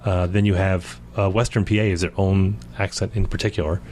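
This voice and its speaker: A man's voice: low-pitched, little pitch movement, fairly quick, a little mellow, slight background noise. A man from Central Maryland co-hosting a casual podcast chat at a kitchen table, rambling and talkative. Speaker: co-host.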